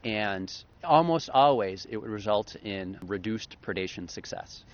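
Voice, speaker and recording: A man co-hosting a podcast explains research in a casual, enthusiastic chat, laughing easily. His lowish voice has lively intonation and an unhurried pace, and the lo-fi audio sounds slightly dull.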